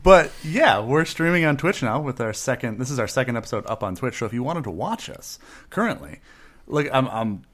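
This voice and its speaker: Man, podcast co-host, casual banter, jokey, rambling, mid pitch. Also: lively intonation, a little fast, fairly bright tone. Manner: joking, laughs often, rambling asides.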